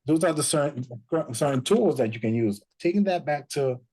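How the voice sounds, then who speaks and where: A man's voice: on the high side, moderate pace, rough recording. A man, talking casually as a guest and acting out quotes from parents and children. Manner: animated storyteller, acts out quotes. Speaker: guest speaker. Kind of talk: casual chat, code-switching.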